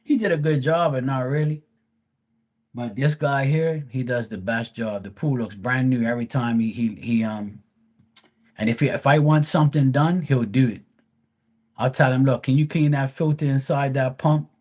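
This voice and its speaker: A man's voice: medium pitch, normal speed, darkish tone. A man hosting a live stream, telling a casual story in a blunt, profane, rambling way.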